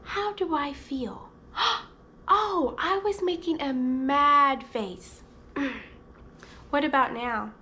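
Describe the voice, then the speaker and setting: A woman's voice: high voice, very slow, sharp tone, a little hiss or hum. A woman who hosts videos as a speech therapist, teaching toddlers in an exaggerated sing-song voice with lots of gasps.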